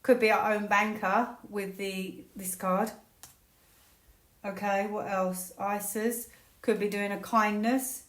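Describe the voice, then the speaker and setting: A woman from the United Kingdom giving a casual solo tarot reading, musing aloud and breaking into excited, laughing exclamations. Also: mid-range voice, slow pace, echoey room. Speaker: tarot reader.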